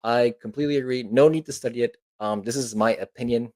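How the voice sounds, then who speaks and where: A man's voice: medium pitch, fast, a little mellow, dry recording. A man from Kyushu, teaching a casual online language lesson as a teacher in a laid-back, chatty way with joking asides. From Kyushu, Japan. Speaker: Japanese teacher.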